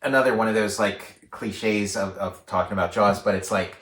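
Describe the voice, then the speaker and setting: A man with a fairly low voice talks through a film in casual podcast chat, loose and rambling, restarting his sentences. He sits back from the mic, and the room rings around him. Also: fairly even intonation, normal speed, fairly bright tone, distant mic. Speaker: podcast co-host. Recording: roomy sound, a bit off the mic.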